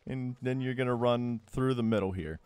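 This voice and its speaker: Young guy talking thru a game run, sarcastic and rambly, middle pitch, dry close sound. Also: normal speed, a little mellow, clear, resonant tone, no room sound. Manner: sarcastic, joking, rambling asides. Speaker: gameplay guide narrator. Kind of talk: casual walkthrough commentary.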